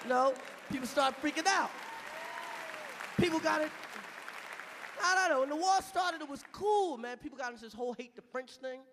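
A stand-up comedian, a man, riffs in a loud, profane, animated way and shouts his punchlines. His voice sits very high for a man. It echoes through a large hall, with a faint crowd and a light hum behind him. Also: normal speed, pauses often. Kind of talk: live stand-up routine. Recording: live venue with reverb and audience.

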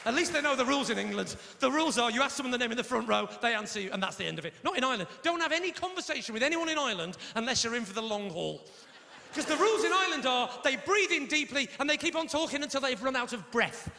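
A man's voice: extremely high pitch, animated, fast talker, vocal fry, pushed and bright, a little hiss or hum. A male stand-up comedian on a club stage, telling a story to the audience in a brash, swearing, conversational way. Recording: live hall recording with reverb.

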